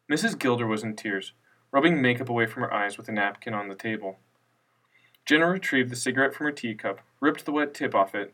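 A man narrating a scripted story in a steady, unhurried reading voice. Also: mid-range voice. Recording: distant mic with faint music.

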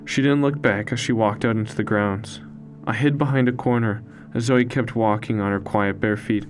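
A man narrating a story in the first person, in a slow, solemn, hushed way. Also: on the low side, fairly even intonation. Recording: faint music underneath.

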